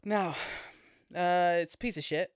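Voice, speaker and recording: A speaker, co-hosting a casual podcast and retelling a film in an animated way, laughing often and swearing freely. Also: mid-range voice, measured pace, clean tone, dry recording, studio quality. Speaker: podcast co-host.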